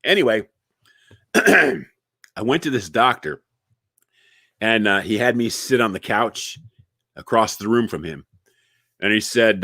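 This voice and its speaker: A man giving a casual comedic monologue, jokey and animated, repeating words and chatting with his viewers. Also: fairly low pitch, moderate pace, pauses often, no room sound, clean studio sound. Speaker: inspirational online comedian.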